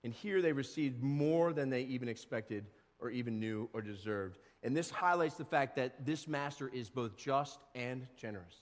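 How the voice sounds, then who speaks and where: A man preaching a sermon as pastor, animated, acting out short voices and quotes. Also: mid-range voice, normal speed, hardly any pauses, long reverb tail. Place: church sanctuary.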